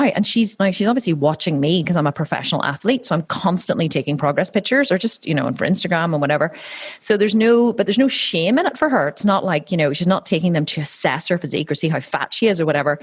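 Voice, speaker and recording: A woman, chatting in an interview and telling lively stories with quick voiced asides. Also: fairly low pitch, husky. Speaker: interviewee, fitness coach and athlete. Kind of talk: conversational interview.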